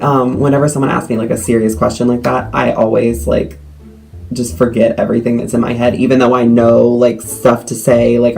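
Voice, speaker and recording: A teenage boy telling a story to the camera in a rambling way, full of "like" and quick asides. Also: mid-range voice, vocal fry, poor audio. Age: teens. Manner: rambling with many likes, animated retelling. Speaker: vlogger.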